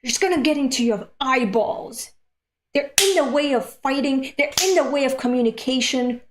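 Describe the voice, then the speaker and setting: A woman from Europe streaming a manga read-along, reacting aloud with animated, profane rants. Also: high voice, moderate pace, background noise. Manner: animated, swears freely, rants at the page.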